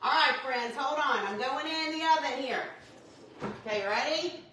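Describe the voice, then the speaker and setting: A woman's voice: high-pitched, moderate pace, pushed and bright, a little hiss or hum. A young woman, chatting bubbly and friendly with viewers while cooking live in her home kitchen. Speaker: home cooking livestream host. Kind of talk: casual live cooking chat.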